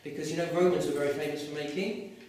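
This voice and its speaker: A man teaching a class, explaining words and questioning his students in a lively way. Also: fairly high pitch, fast talker. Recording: echoey classroom recorded from far off.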